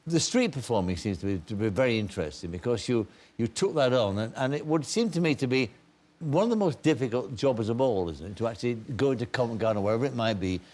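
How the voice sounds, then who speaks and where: An older man hosting an interview, asking long questions in a halting way, with repeated words along the way. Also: medium pitch, animated, a little mellow. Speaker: interviewer, talk show host.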